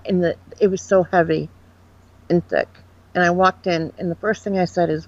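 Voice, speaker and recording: A woman's voice: fairly low pitch, fairly quick. Woman medium telling stories, lo-fi. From Upstate New York. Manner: rambling, frank, animated retelling. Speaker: guest psychic medium. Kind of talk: casual interview storytelling. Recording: dull lo-fi sound.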